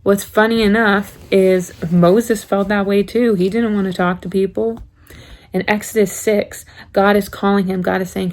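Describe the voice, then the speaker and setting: A young woman giving a casual sermon to students. She speaks conversationally and slips into acted-out voices for quoted excuses. Her voice carries a light gravelly fry at a mid pitch. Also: fairly even intonation, normal speed, a little mellow. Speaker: youth speaker.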